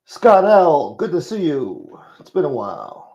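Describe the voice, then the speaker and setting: A man's voice: sits high, big pitch swings, slow, vocal fry, few pauses, darkish tone. A man hosting a livestream, greeting chatters by name in a profane, joking, casual way. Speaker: livestream host.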